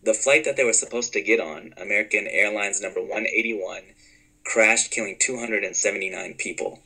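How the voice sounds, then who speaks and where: A man telling a long story as an interview guest, lively and acting out the dialogue. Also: lowish voice, normal speed, slightly rough, low-quality recording. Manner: animated, acts out dialogue in the story. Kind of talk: conversational storytelling.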